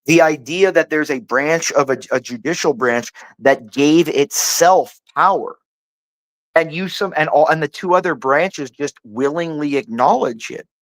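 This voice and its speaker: A man holds forth in a heated, rambling rant, swearing freely and leaning on "like" and "dude" between stammered restarts. His voice sits a little high for a man, and it is recorded bone-dry up close with no room sound at all. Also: measured pace, dry recording. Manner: profane, rambling, heavy use of "like" and "dude"; restarts and stammers when worked up. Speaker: panel host. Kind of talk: heated casual political rant.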